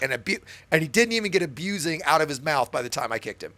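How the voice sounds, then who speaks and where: A man's voice: on the high side, quick pace, few pauses. A man hosting a game stream, telling stories in casual chat, swearing freely and tagging his sentences with "right?". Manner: animated storyteller, swears freely, many "right?" asides.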